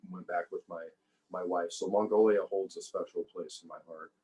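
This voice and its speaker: A man speaking as a podcast guest, talking in a relaxed, reflective way and often repeating words while he gathers his thoughts. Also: low voice, normal speed, poor audio. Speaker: podcast guest, former survival show contestant. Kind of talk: casual conversational interview.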